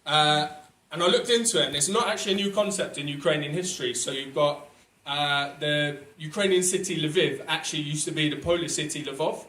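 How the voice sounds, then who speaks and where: English stand-up comic, distant in an echoey club. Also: male voice, a little high. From England. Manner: halting, filler-heavy delivery with dry asides. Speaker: stand-up comedian. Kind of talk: stand-up set. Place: small comedy club with live audience. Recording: echoey room, far mic, loud crowd noise. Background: audience laughter.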